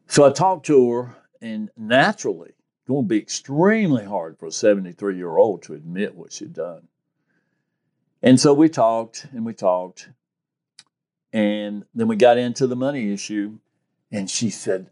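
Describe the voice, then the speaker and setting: A low-voiced man recounts his cases as a private investigator in a relaxed interview. He tells his stories with energy and acts out the lines of the people in them. His delivery is lively and conversational. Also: moderate pace. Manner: animated storyteller, acts out quotes. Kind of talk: interview storytelling.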